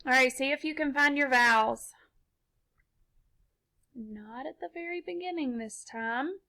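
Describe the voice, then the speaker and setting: A woman teaching a children's phonics lesson, explaining slowly and patiently step by step. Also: high voice, sharp tone, rough recording. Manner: slow, patient, step-by-step instruction.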